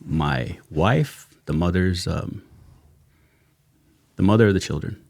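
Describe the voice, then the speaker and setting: Gravelly low-voiced man telling a story. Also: takes it slowly, dry recording, clean studio sound. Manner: animated, laughing, slangy retelling with acted quotes. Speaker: retired sheriff's detective, podcast guest. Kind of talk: casual storytelling chat. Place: podcast studio.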